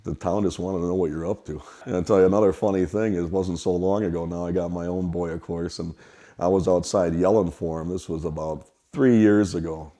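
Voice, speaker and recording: A man's voice: low-pitched, fairly quick. A middle-aged man from Wisconsin, telling rambling stories about his childhood at the family restaurant. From Wisconsin, USA. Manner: relaxed, rambling anecdotes. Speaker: restaurant kitchen worker. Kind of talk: storytelling interview.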